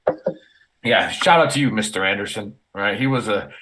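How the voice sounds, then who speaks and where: A man's voice: lowish voice, moderate pace, a crowd in the background. A man, an army veteran, telling war stories in a casual, rambling way, swearing often and restarting sentences with lots of fillers. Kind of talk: casual podcast storytelling.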